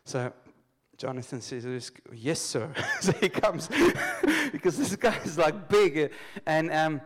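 Lively preacher, higher voice. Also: male voice, takes it slowly. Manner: lively call-and-response, laughs often; storytelling, loose restarts. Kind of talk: sermon. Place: church congregation.

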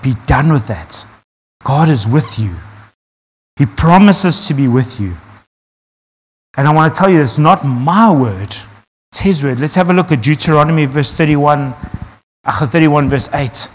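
A man's voice: a little high, animated, measured pace, in a large hall. A man, preaching earnestly to his congregation and asking rhetorical questions. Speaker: pastor. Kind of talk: sermon.

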